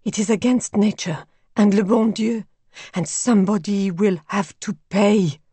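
A woman's voice: medium pitch, lively intonation, normal speed, gravelly, husky, no room sound, full character voice. A woman doing a fearful old French housekeeper. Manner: hushed, superstitious, awed.

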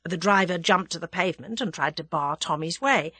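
A woman narrating a story in an expressive audiobook reading. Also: lowish voice, brisk, husky, dry recording. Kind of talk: scripted narration.

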